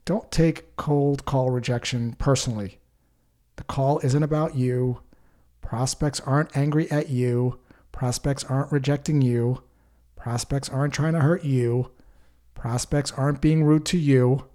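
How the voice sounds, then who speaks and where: A man giving a calm sales-coaching talk, acting out short example phone calls. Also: medium pitch, a little slow. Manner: calm, coaching, acts out example call lines. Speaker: sales trainer. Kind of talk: instructional talk with sample call scripts.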